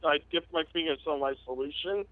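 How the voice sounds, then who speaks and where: A man's voice: a little high, quick pace, dry recording. A man chatting as a player in a tabletop game, explaining his moves earnestly and stumbling over words. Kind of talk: casual tabletop chat. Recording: dull dry lo-fi mic.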